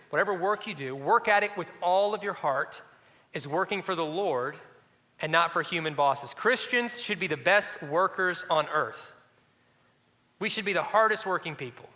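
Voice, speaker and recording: A middle-aged male pastor delivers a sermon with a high, bright voice that rings with energy. He talks conversationally and throws in playful asides. A long reverb trails behind him from the church hall.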